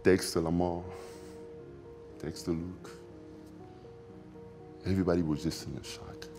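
A man, an interview guest recalling events in a halting, reflective way, repeating phrases with loose grammar. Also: low voice, fairly even intonation, music in the background. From Democratic Republic of the Congo. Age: 40s. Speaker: interview guest, former basketball player. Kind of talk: emotional recollection in a sit-down interview.

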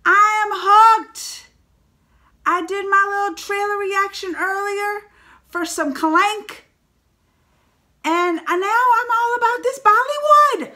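A woman hosting a trailer reaction video, loud and exclaiming, talking straight to her viewers. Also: extremely high pitch, slow.

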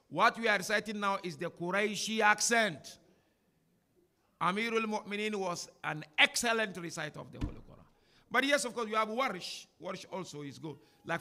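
A man with a fairly high, bright voice and a gravelly edge leads an informal religious lesson in a mosque. He talks in an animated, chatty way, full of asides and laughter, as he answers the audience. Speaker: sheikh giving a talk and answering questions. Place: mosque hall before an audience.

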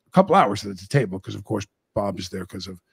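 A man's voice: on the low side, expressive, fast, vocal fry, husky, no echo. A middle-aged man hosting a talk show, telling rambling anecdotes in casual chat.

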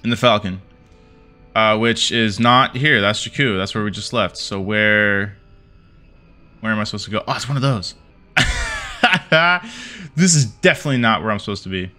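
A man's voice: lowish voice, lively intonation, normal speed, pauses often, pushed and bright. A man casually commenting on his gameplay as a video host, goofy and rambling, swearing and laughing as he plays.

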